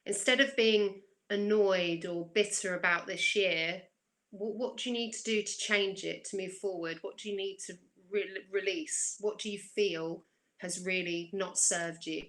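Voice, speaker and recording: A woman's voice: mid-range voice, fairly even intonation, a little slow, a bit bright, poor audio. A woman working as an intuitive coach, talking reflectively on a spiritual chat show and posing questions to listeners. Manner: reflective, asks questions back. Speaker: intuitive coach and guest reader. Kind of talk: casual chat.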